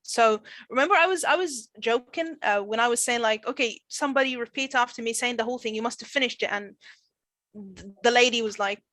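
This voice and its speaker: A woman's voice: a little high, fairly quick, fairly bright tone, no room sound, low-quality recording. A woman teacher running an online training session, explaining drilling and modelling example sentences with repeated phrases.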